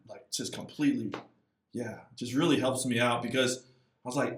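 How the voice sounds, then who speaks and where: A man, a missionary guest, talking casually in an interview, lively and acting out little quotes as he goes. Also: fairly quick, roomy sound, distant mic, slight background noise. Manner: animated, acts out voices and quotes with big pitch jumps.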